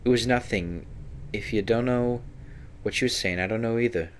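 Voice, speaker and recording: A man's voice: mid-range voice, moderate pace, slight background noise, voice pushed up, lightly acted. A man voicing a prickly, defensive young rogue woman in a fantasy game who tags her sentences with echoing endings.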